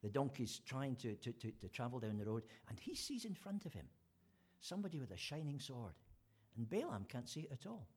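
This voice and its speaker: A man's voice: mid-range voice, very animated, a little fast, darkish tone, breathy edge. A man preaching an informal sermon, retelling a story in a chatty way with fillers and restarts.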